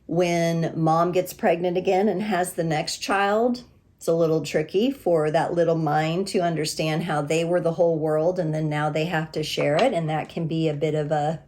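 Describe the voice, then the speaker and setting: A woman giving a gentle, reassuring tarot reading, speaking with pauses and restarts. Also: deep voice, steady tone. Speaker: tarot reader.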